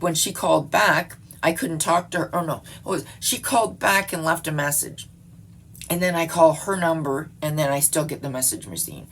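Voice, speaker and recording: A woman's voice: on the low side, vocal fry, slight background noise. A middle-aged woman talking to her viewers in a rambling late-night monologue, swearing and laughing often. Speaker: vlogger.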